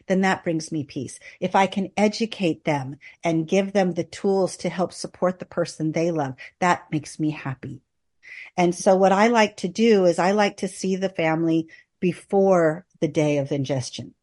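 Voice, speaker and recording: A woman hospice nurse speaking as a podcast guest, earnest and measured, partly reading aloud from her own book. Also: fairly low pitch, a little mellow. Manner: earnest and measured, reads with long list-like pauses.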